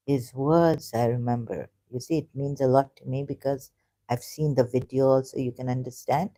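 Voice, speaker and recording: A woman vlogging about religion to camera, hesitant and halting with many restarts, earnest and openly frustrated. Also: extremely low pitch, warm tone. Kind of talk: unscripted talk to camera.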